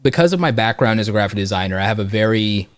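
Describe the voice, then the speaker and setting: A man's voice: lowish voice, expressive, fast talker, no echo. A man hosting a live stream discussion, speaking emphatically and motivationally, with frequent "like". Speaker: host YouTuber.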